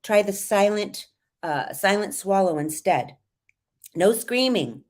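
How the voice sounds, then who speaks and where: A middle-aged woman with a trained voice, a voice and confidence coach giving lively, demonstrative live tips. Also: mid-range voice, slow pace. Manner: lively, demonstrative, exaggerates vocal fry and sung phrases to teach.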